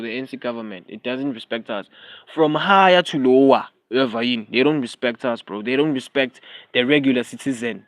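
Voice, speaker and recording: A man's voice: mid-range voice, no echo. A young South African man with a South African accent, ranting heatedly and repetitively on a casual livestream, slipping into Zulu phrases. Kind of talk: casual live-stream rant.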